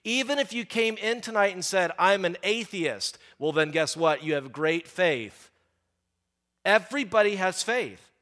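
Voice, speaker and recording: Joking preacher man, slightly high voice. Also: measured pace. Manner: joking, sarcastic; lively, conversational. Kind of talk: sermon with storytelling.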